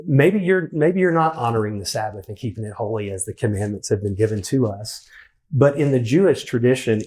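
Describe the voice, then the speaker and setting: A man's voice: mid-range voice, a little mellow. Rambling male host at a live event. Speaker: host, interviewer. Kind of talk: live onstage conversation. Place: event hall with audience.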